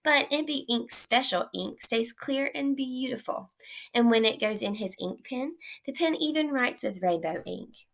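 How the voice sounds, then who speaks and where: A woman teacher leading young children through a phonics lesson, speaking slowly and clearly with frequent praise. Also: on the high side, expressive, fairly bright tone.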